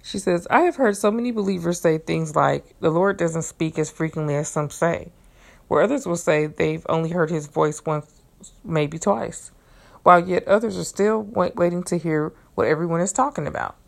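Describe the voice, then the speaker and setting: A woman podcast host reading a devotional book aloud in an earnest, measured way, then adding her own comments. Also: fairly low pitch, gravelly.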